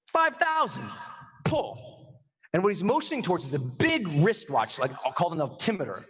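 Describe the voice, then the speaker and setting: A man giving an energetic storytelling talk at a live event, acting out scenes and shouting the dramatic parts. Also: a little high, quick pace, slightly rough, poor audio. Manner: animated, acts out scenes and screams. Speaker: motivational speaker.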